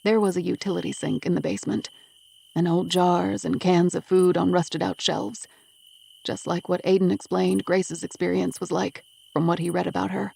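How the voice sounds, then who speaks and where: A woman's voice: fairly low pitch, level tone, normal speed, vocal fry, warm tone, slightly rough. A woman narrating a first-person audiobook with an intense, emotional delivery.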